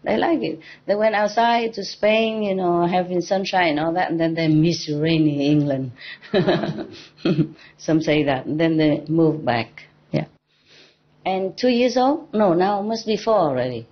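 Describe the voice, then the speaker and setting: A woman's voice: fairly low pitch, a little slow. A woman spiritual teacher giving an informal dharma talk to a gathering, playful and teasing, often laughing. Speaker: spiritual teacher addressing disciples. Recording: dull lo-fi recording.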